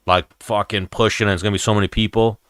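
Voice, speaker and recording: A man's voice: fairly low pitch, flat delivery, fast talker, a bit bright, clear, resonant tone, no room sound, studio quality. A young man hosting a livestream, chatting loosely and rambling with a lot of profanity. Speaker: livestream host. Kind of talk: casual chat with live chat.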